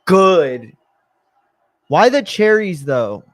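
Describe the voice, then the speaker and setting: A man's voice: fairly high pitch, big pitch swings, normal speed. A man hosting a live watch-along stream, reacting bluntly and profanely in a casual commentary style.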